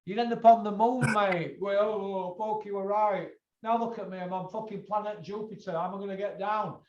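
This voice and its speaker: A man's voice: high voice, steady tone, brisk, darkish tone, a little hiss or hum. A man hosting a boxing chat show, blunt and lecturing, swearing freely. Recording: echoey, dull lo-fi room sound.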